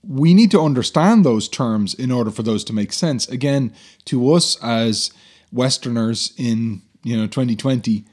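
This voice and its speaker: Man, mid-pitched, earnest teacherly explainer for a Bible talk. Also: normal speed, darkish tone. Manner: earnest, explanatory, many fillers.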